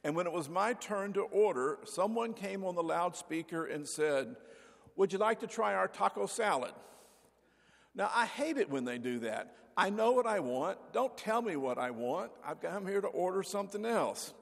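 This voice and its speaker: An older man preaching a sermon as pastor, telling folksy stories and acting out the voices in them, with a gravelly voice. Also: high voice, expressive, moderate pace, few pauses, in a large hall. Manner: folksy storyteller, acts out voices. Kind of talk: sermon with anecdotes. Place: church sanctuary.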